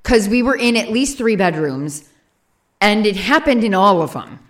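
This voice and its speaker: A woman's voice: mid-range voice, big pitch swings, normal speed. A woman co-hosting a casual chat, laughing often and trailing off while she recalls a story.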